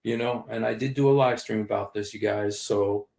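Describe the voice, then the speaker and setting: A man's voice: lowish voice, fairly even intonation, normal speed, vocal fry, a little mellow. A man in his sixties giving casual livestream commentary, rambling, repeating key phrases and speaking straight to his viewers. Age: 60s. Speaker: live streamer. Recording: roomy echo.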